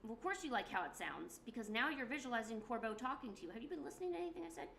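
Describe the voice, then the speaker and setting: A woman's voice: fairly high pitch, sing-song, rapid-fire, gravelly, a bit bright, a little hiss or hum. A woman streamer chatting casually, telling a rambling, joking story. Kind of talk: casual livestream chat.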